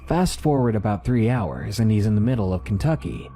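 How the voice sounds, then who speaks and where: Male horror storyteller: deep, dark-toned, dramatic reading with a lively pitch range. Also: brisk, faint music behind. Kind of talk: scripted narration of submitted horror stories.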